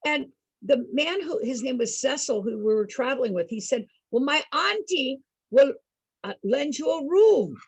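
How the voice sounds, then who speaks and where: A woman entertaining program participants with an animated personal story, laughing often and asking her listeners questions. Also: high voice, measured pace, no echo, low-quality recording.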